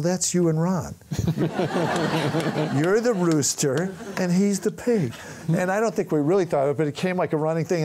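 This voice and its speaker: An older man, a film writer-director appearing as a guest, tells anecdotes in a conversation on stage before an audience. An animated storyteller, he acts out the voices of the people in his stories; his voice is fairly high, with a little hiss or hum in the recording.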